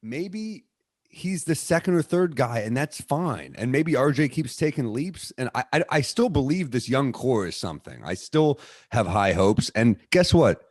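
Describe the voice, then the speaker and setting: A young man co-hosting a sports podcast in casual chat, animated and swearing as he tells stories. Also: medium pitch, unhurried, no room sound, clean studio sound. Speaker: podcast co-host.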